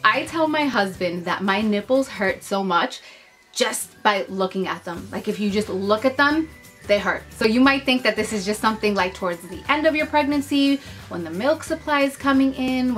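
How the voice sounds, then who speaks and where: A young woman vlogging to camera, telling personal stories in a chatty, animated way with lots of fillers. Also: fairly high pitch, moderate pace, faint music behind. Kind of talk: casual chat to camera.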